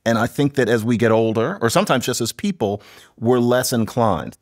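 A man speaking as a linguist guest in a conversational interview, explaining in a lively, professorial way. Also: medium pitch, a little fast. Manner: lively, professorial, imitates accents playfully.

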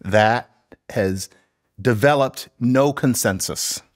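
A man speaking as a linguist guest in a conversational interview, explaining in a lively, professorial way. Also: medium pitch, takes it slowly. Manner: lively, professorial, imitates accents playfully.

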